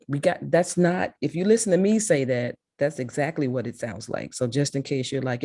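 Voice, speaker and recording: A woman from Memphis, USA, with a Mississippi accent speaks as a guest speaker, giving students an emphatic, encouraging motivational talk and repeating words for stress. Her voice is very deep, dark and expressive, at a normal speed with hardly any pauses. The recording is studio quality with no echo.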